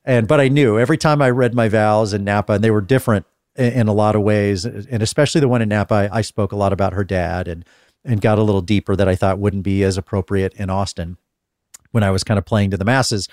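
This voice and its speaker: A man hosting a casual conversational interview, telling stories in a calm, even-keeled way. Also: lowish voice, quick pace, no room sound, studio quality. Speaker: podcast host interviewing guests.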